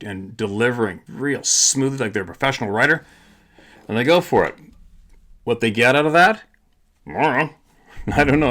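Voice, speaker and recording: A man's voice: medium pitch, fairly bright tone. A tired man hosting his own channel, talking to viewers in a blunt, casual monologue with swearing, repeats and restarts. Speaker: channel host.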